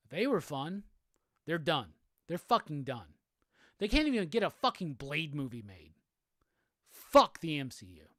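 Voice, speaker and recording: A man's voice: sits high, fairly bright tone, no room sound, clean studio sound. A man hosting a solo show, ranting angrily with heavy profanity and repeated phrases. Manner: profane, repetitive, heated. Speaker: host. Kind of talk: angry solo commentary rant.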